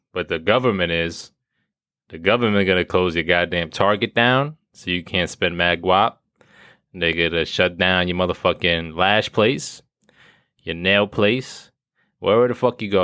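Profane ranting man with a deep voice. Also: clean tone, dry recording, studio quality. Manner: loud, profane, ranting, laughs at his own jokes. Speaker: podcast host. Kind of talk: profane comedic rant.

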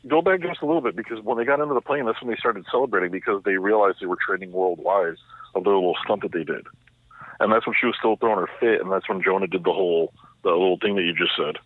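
Quick low-voiced man on a tinny line. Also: dry recording. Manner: quick, insistent, explains his take. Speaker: podcast co-host. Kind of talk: casual film discussion.

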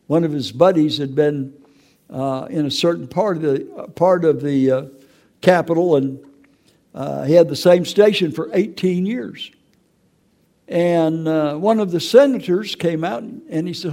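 An older man speaks in a gravelly, rough-edged voice, pitched a little high for a man. He tells his testimony with raw emotion and often stumbles over repeated words as he goes. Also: moderate pace, a little mellow. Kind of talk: personal testimony.

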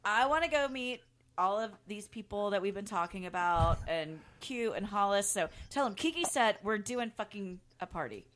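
Lively, playful female guest. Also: mid-range voice, moderate pace. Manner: playful, laughs easily. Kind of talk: casual chat.

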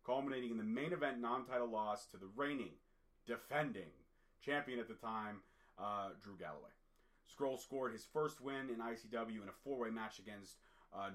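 A man's voice: lowish voice, a bit bright. A man from Canada hosting a casual podcast, reading through facts with jokey asides. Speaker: podcast host.

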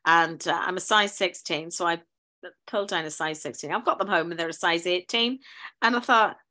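A woman's voice: lowish voice, fairly quick, bright, forceful tone. Woman, middle-aged, teacher, casual storytelling, chatty. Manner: chatty storyteller, laughs often, acts out quoted voices. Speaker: guest teacher. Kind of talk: casual chat.

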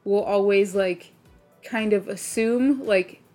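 A chatty woman co-hosts an anime podcast, her talk loose and friendly and full of laughter. She slips into quoted voices as she tells stories. Faint music plays softly under the talk. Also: medium pitch, slow pace. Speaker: podcast co-host. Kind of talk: casual chat.

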